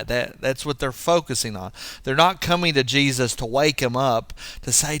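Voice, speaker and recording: Man, devotional Bible teaching, earnest and lively, mid-pitched voice, dry close sound. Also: moderate pace, no room sound. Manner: earnest, lively, acts out quotes with rising pitch. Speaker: preacher.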